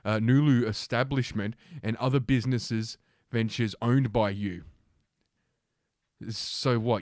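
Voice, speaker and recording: A man's voice: mid-range voice, fairly even intonation, unhurried, darkish tone, no room sound, studio quality. A young man hosting a livestream, reading news aloud and ranting about it in a sarcastic, profane, combative way. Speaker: livestream host.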